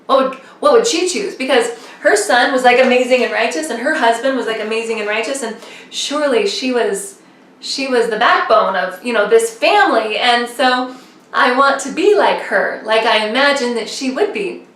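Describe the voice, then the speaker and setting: Young woman rambling to camera, lots of ums, kinda high voice. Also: expressive, normal speed, fairly bright tone. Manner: rambling, chatty with many fillers. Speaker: vlogger. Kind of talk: casual chat to camera. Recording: echoey room, mic at a distance.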